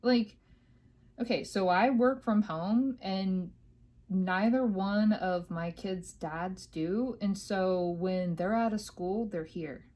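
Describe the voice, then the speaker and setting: Speaking slowly in a medium-pitched, slightly mellow voice, a woman runs her own podcast out of her home office. She vents in a casual, meandering way, using a lot of fillers.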